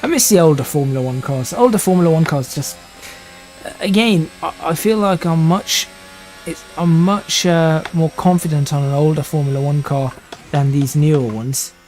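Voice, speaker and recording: A man's voice: a little high, moderate pace, darkish tone, slight background noise. A man in his twenties streaming a racing sim live, thinking aloud and restarting sentences while he drives. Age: 20s.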